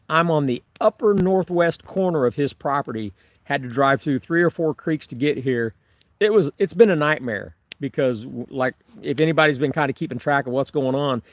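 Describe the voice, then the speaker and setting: A man's voice: fairly high pitch, dry recording. A man doing a casual livestream from a remote forest campsite, answering viewer comments in a rambling way with chuckles and restarts. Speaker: Bigfoot researcher vlogger. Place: camping on remote forested property.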